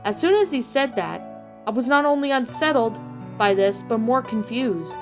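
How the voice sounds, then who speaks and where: A woman's voice: fairly high pitch, animated, normal speed. Young woman telling a true story. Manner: plain, rambling retelling with run-on sentences. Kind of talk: first-person story narration. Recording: faint background music.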